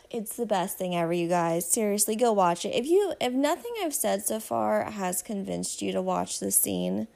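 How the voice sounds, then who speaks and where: A woman's voice: mid-range voice, lively intonation, normal speed, creaky, hardly any pauses, darkish tone. A woman hosting a podcast, chatting casually and gushingly as she recaps a show and talks straight to her listeners. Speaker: podcast host.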